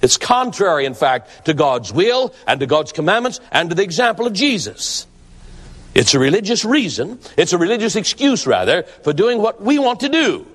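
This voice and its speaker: A man's voice: high voice, big pitch swings, moderate pace, a bit bright. A man preaching a sermon in an earnest, emphatic way, often repeating words for stress. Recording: long hall reverb.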